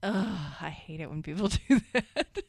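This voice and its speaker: A woman's voice: lowish voice, expressive, measured pace, vocal fry, no echo, studio quality. A woman, co-hosting a podcast in casual chat, laughing often and swearing casually. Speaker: podcast co-host.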